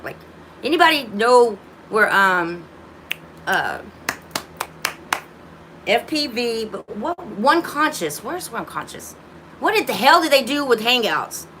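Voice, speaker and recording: A woman's voice: a little high, sing-song, a little slow, long pauses, a bit bright, a little hiss or hum. A woman with grown children hosting a casual livestream from her phone, rambling with many restarts and talking to viewers as y'all. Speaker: livestream host.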